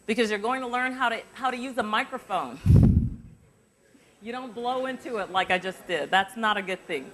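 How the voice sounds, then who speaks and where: A middle-aged woman, a journalist, teaching an interview workshop to students through a lapel mic, chatty and lively, drawing the room in with questions. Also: on the high side, moderate pace. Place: university forum hall. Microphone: lavalier.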